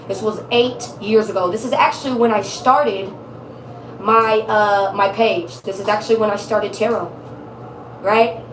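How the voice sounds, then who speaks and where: A woman's voice: mid-range voice, fairly even intonation, unhurried, roomy sound, far from the mic, low-quality recording. A woman giving a casual tarot reading, blunt, emphatic and profane, repeating her points for stress. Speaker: tarot reader.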